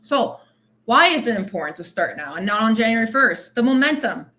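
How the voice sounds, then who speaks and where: A woman's voice: on the high side, sing-song, a little fast, bright, forceful tone. A woman weight loss coach giving a direct, tough-love motivational monologue on her podcast, repeating phrases for emphasis.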